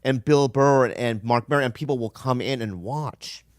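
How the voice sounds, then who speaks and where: A man's voice: medium pitch, moderate pace, clean tone, dry recording, clean studio sound. A man in casual podcast conversation, talking in a passionate, emphatic way with lots of swearing.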